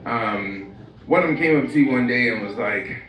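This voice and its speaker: A man's voice: mid-range voice, animated, normal speed, fairly bright tone. A young man doing stand-up at an open mic, talking loosely with lots of fillers and laughing at his own lines. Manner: loose, rambling, full of fillers and self-laughs. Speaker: stand-up comic. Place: small club stage. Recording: echoey room, mic heard from a distance.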